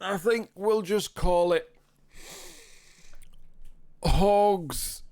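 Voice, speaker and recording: Man doing a Yorkshire barkeep: hearty, folksy, shifty about the menu, pitched up. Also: very slow, a little mellow, heavily acted. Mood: sheepish. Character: gruff northern male innkeeper, cagey and embarrassed.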